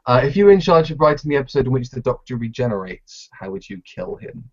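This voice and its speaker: A man co-hosting a casual live podcast, talking in a halting, playful way with lots of restarts. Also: mid-range voice, very animated, highs cut off. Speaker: podcast co-host.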